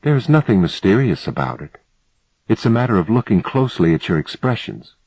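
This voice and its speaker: A man voicing a calm, self-assured woman who speaks quietly and matter-of-factly. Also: lowish voice, fairly quick, slightly rough, dry recording, full character voice, low-quality recording. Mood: calm, knowing. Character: calm, knowing woman guide.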